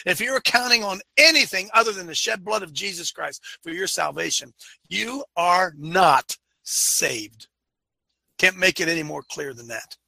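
A man with a high, very bright and piercing voice hosts a talk show, holding forth like a preacher. He talks fervently and with heavy emphasis, breaking into yelling now and then. The sound is close and dry. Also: a little fast, gravelly, hardly any pauses, no room sound.

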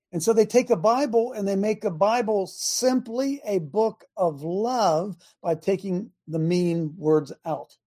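A man's voice: high voice, mellow. A man hosting a call-in religious talk show, preaching emphatically and repeating phrases for stress.

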